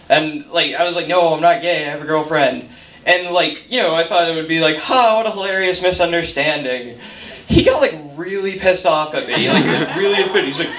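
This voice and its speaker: A man's voice: on the high side, normal speed. A man telling a self-deprecating comic story on stage in a bar, quoting people in voices, with the audience laughing. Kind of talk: live stand-up storytelling. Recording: roomy, distant mic, noisy bar.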